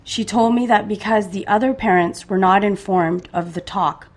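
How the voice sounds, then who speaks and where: A woman from Canada, a parent guest, telling her story in measured detail in conversation. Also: medium pitch.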